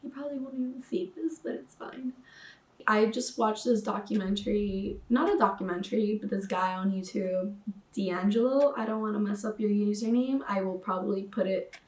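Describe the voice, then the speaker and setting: A woman's voice: mid-range voice, moderate pace, darkish tone, roomy sound, recorded from a distance. A woman vlogger talking casually about personal growth, chatty and full of slang. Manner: chatty, uses slang like sis and boo-boo. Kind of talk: casual spiritual vlog.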